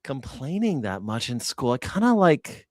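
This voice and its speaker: A man's voice: medium pitch, sing-song, normal speed, no echo. Blunt, profane man reacting on a dry mic. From grew up in a city. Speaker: news reaction host. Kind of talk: casual reaction commentary.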